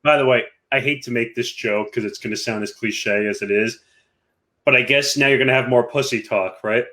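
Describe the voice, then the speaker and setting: An easygoing man of middle pitch co-hosts a casual chat show. He brings up news items and reads from them in a relaxed way. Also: a little fast. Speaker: co-host.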